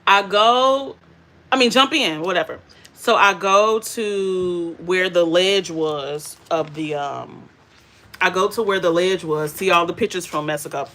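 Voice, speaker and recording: A young adult woman, casually telling a lively story to her viewers and laughing often. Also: lowish voice, unhurried. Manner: animated, laughing, addresses viewers as y'all. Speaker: beauty and faith vlogger.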